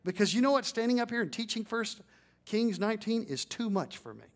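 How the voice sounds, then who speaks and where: A man's voice: sits high, lively intonation, a little fast. A man preaching a sermon as pastor, building to emphatic peaks and leading the congregation in call-and-response.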